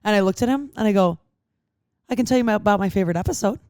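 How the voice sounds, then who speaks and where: Young woman, podcast host, lively storyteller, dry close mic. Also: medium pitch, rapid-fire, smooth, no echo. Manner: animated storyteller, acts out other people's lines. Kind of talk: casual chat.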